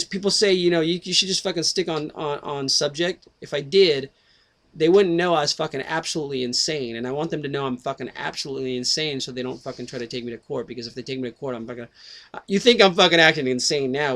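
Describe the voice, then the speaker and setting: A man's voice: on the high side, quick pace, fairly bright tone. A man rambling through a profane video monologue on a headset mic, swearing constantly, breaking off into tangents and restarting his sentences. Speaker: video host.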